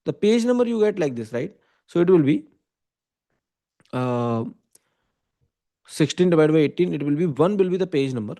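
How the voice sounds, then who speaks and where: Indian man teaching, mellow voice. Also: fairly high pitch, lively intonation, moderate pace, pauses often. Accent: Indian English. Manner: explains step by step, often checking with "okay?" and "right?". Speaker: computer science teacher. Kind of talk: online lecture.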